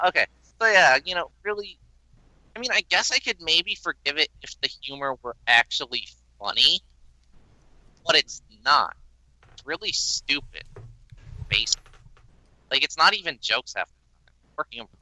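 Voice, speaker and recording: A man's voice: fairly high pitch, lively intonation, a little slow, pauses often, sharp tone, dry recording, rough recording. A man ranting sarcastically and with a lot of swearing about a cartoon reboot on a casual podcast. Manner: profane, exasperated, sarcastic. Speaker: podcast host.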